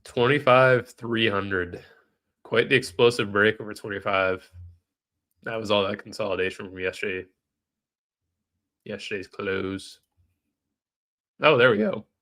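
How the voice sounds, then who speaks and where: A man's voice: fairly low pitch, steady tone, normal speed, long pauses, pushed and bright. A man with a nasal, stuffed-up voice, live-streaming trading commentary in a casual way, thinking aloud and answering chat questions.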